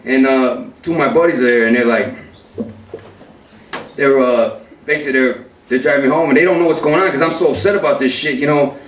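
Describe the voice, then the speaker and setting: A man's voice: mid-range voice, fairly quick, recorded from a distance, slight background noise. Man telling a gritty story. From Chicago. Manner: profane, breathless, acts out the voices of people in the story. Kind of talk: live story slam telling. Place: live event room. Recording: roomy echo, voice from off-mic.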